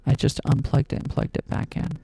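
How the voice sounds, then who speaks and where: A man streaming and reacting live, loud and profane, talking to chat over glitchy pitch-shifted audio. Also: fairly quick, no room sound, poor audio.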